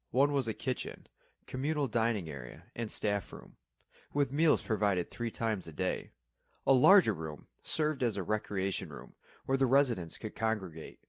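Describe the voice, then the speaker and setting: A man reading a story aloud in calm, measured scripted narration. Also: lowish voice, dry recording, clean studio sound.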